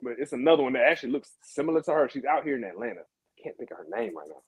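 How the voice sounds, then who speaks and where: A man talking on a phone in a casual panel chat, in rapid, halting bursts with restarts. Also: fairly high pitch, vocal fry. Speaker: guest panelist.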